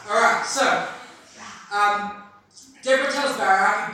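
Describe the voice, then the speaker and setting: A preacher with an Australian accent giving a lively, chatty sermon, often asking "right?". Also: mid-range voice, measured pace, long pauses. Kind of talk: lively sermon for a young audience. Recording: very echoey hall, from far off, faint noise.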